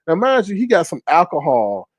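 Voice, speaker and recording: A man hosting a live stream and spinning comic, profane stories for his chat. His voice swings widely, leaping into loud high exclamations when he retells what he said, and the sound is dry and close. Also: huge pitch swings, moderate pace, dry recording. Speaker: livestream host. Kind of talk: casual storytelling to a live chat.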